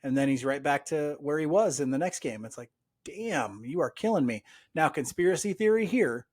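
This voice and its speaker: Excitable man ranting on a sports podcast. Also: on the high side, moderate pace. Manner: animated, exasperated, rambling with fillers. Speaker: podcast co-host. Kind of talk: casual sports chat.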